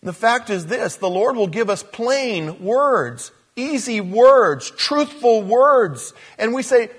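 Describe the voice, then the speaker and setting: Animated older male pastor preaching. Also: very high voice, slow, hardly any pauses, slightly rough. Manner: animated, storytelling, joking with the congregation. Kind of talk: sermon.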